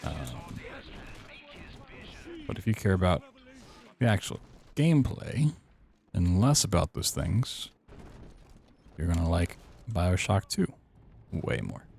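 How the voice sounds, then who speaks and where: Low gravelly male streamer. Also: slow pace, pauses often. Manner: relaxed, rambling, playful. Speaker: speedrunning streamer. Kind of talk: casual live-stream commentary while playing.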